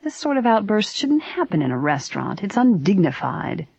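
A woman voicing a smooth-talking middle-aged Southern gentleman in a story reading. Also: medium pitch, sing-song, normal speed, no echo, pitched above the performer's own voice, exaggerated voice. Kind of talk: storybook character voice.

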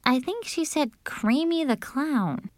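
A woman's voice: high-pitched, lively intonation, slow, dry recording, studio quality, voice pushed up. A woman voicing a prim little girl dressed as a princess in a storybook reading, sweet and matter-of-fact. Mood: puzzled.

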